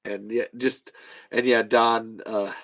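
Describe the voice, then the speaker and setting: A man hosting a fan podcast, telling stories in a lively, casual way, acting out conversations, laughing and swearing often. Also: on the low side, takes it slowly. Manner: animated storytelling, acts out quoted exchanges, laughs often, swears casually. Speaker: podcast host. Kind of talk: casual livestream chat.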